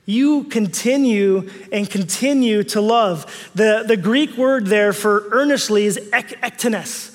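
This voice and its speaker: A man's voice: high-pitched, slow, few pauses, in a large hall. A man pastor preaching a conversational sermon in a church, repeating key phrases for emphasis.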